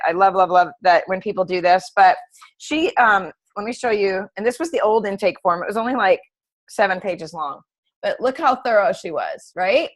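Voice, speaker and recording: A woman's voice: mid-range voice, poor audio. A middle-aged woman, a health coach, teaching a group of other coaches in a casual, chatty way with many fillers and tag questions.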